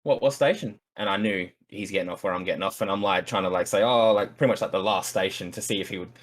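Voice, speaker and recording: Australian man, low and rapid, husky, casual guest telling a yarn on a podcast call. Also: flat delivery, fairly bright tone. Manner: rambling, swears freely, many fillers. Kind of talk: casual storytelling.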